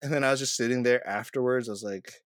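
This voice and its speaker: A man's voice: medium pitch, fast talker, fairly bright tone, no room sound, studio quality. A young man co-hosting a podcast, telling a story in casual chat and laughing often. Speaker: podcast co-host.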